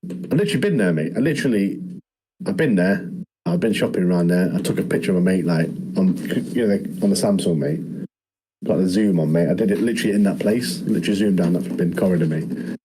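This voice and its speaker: Podcast co-host, chatty, low dark husky voice. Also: male voice, fast talker, low-quality recording. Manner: chatty, says "mate" constantly. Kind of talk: casual chat recapping a show.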